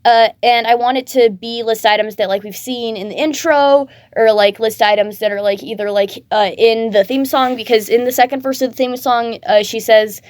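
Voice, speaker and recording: A woman's voice: on the high side, steady tone, normal speed, hardly any pauses, no room sound. A tired woman casually chatting to her viewers, rambling with lots of fillers, her voice cracking a bit. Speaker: fan-fiction creator.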